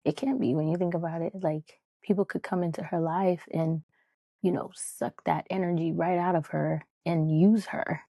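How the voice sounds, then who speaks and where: A woman's voice: fairly low pitch, fairly even intonation, moderate pace, mellow, no echo. A woman hosting a podcast, talking in a candid, heartfelt, rambling way with lots of fillers. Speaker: podcast host. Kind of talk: casual podcast monologue.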